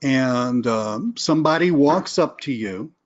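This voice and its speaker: A man's voice: medium pitch, animated, slow. A man teaches a live webinar in a loose, conversational way. His voice sits in an everyday middle register. The audio is a bit dull and lo-fi. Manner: casual, conversational, acts out phone calls. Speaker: sales trainer. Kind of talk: live webinar teaching with role-play calls.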